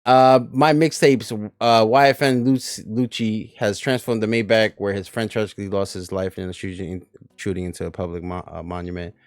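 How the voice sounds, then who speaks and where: A man's voice: on the low side, steady tone, moderate pace, clear, resonant tone, dry recording, clean studio sound. A man hosting a casual reaction stream, rambling loosely with crude humor.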